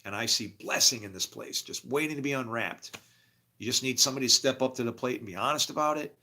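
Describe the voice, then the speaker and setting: A man's voice: mid-range voice, fast talker, sharp tone. A middle-aged man rambling grumpily about faith and his day, preaching and laughing at himself. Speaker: vlogger. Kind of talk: rambling monologue.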